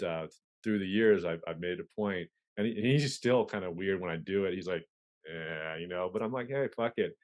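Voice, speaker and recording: A man talking candidly as a podcast guest, casual and profane, with frequent restarts. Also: low voice. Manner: candid, profane, stop-start. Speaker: podcast guest, police officer. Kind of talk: casual conversation.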